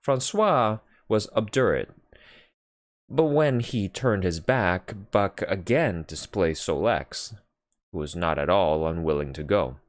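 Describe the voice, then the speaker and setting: A deep-voiced man reading a classic novel aloud at an unhurried pace. His measured reading swings widely in pitch to bring out the drama. The recording is dry and close, with no room sound. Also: expressive, dry recording. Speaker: audiobook reader. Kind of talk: unhurried literary narration.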